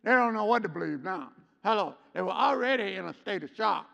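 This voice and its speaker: A man teaching a Sunday school lesson, preaching with call-and-response and swinging between loud emphatic lines and quiet low ones. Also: expressive, fairly quick, vocal fry, in a large hall, muffled recording. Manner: call-and-response, repeats "hello" and "what?". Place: church.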